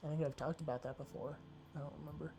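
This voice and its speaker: Low, mellow woman casually commenting on a game. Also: fairly even intonation, fast. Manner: jokey, chatty, laughs at herself. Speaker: let's play host. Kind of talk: casual gameplay commentary and reading aloud.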